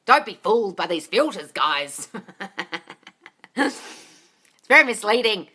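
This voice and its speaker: A woman manifesting coach hosting a casual live Q&A, gushing and excitable, calling listeners darling and swearing freely. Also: mid-range voice, slow, slightly rough. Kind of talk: casual live-stream Q&A, reading viewer comments.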